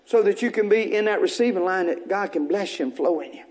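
Male pastor, very high voice, call-and-response sermon, folksy. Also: fast, a little mellow. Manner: call-and-response preaching, repeating short phrases to the congregation; folksy, joking asides.

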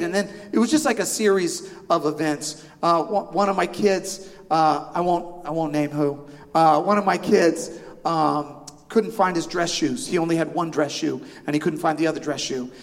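A high-voiced middle-aged male pastor tells a sermon story, animated and self-deprecating, checking in with the congregation as he goes. His voice carries through a big church hall with a long reverb tail. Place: church sanctuary.

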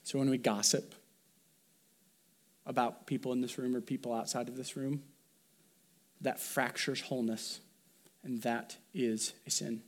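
A man's voice: mid-range voice, fairly even intonation, measured pace, pauses often. A male pastor delivering a conversational sermon, asking the congregation questions and pressing his points with emphasis. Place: church sanctuary.

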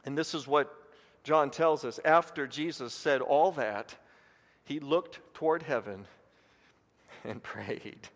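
Male pastor from Indiana, high voice, earnest sermon delivery with repeated words, echoing hall. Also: fairly bright tone. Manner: earnest, repeats words when building a point.

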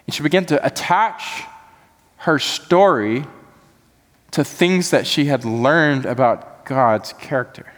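A man's voice: mid-range voice, slow, big-room sound. A man preaching a sermon as pastor, earnest and building to impassioned emphasis.

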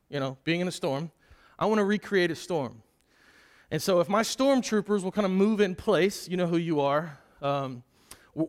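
A middle-aged male pastor preaching a sermon in a conversational, animated storytelling way, with frequent restarts. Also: high-pitched.

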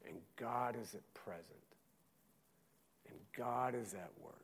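Male pastor, mid-pitched voice, dramatic sermon delivery with loud and hushed passages. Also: slightly rough. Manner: swings from loud urgent preaching to hushed slow reading.

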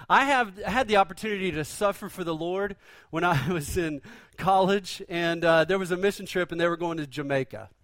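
High-voiced pastor telling a story. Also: male voice, fairly bright tone, dry recording. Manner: conversational storytelling with humor. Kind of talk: sermon.

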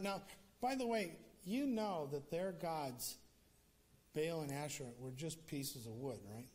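Man, preacher, casual sermon storytelling, joking asides, slightly high voice. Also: a little slow, darkish tone.

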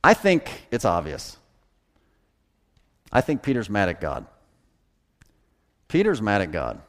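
Animated preacher man. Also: fairly low pitch, slow pace. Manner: animated, folksy, chuckles at own jokes. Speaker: pastor. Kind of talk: sermon.

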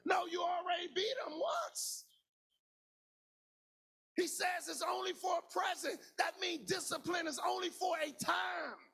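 A man preaching a sermon as pastor, in a shouted, sing-song cadence with lots of repetition. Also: very high-pitched, normal speed.

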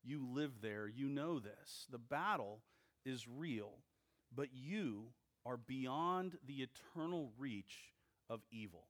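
A male pastor preaching a sermon, with slow, deliberate phrasing and emphatic pauses between short phrases. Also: medium pitch, expressive.

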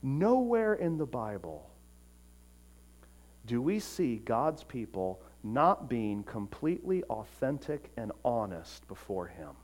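A man preaching a sermon, earnest, swinging from emphatic peaks to quiet, soft passages. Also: medium pitch, sing-song, takes it slowly. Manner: acts out short voices in quotes. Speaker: pastor.

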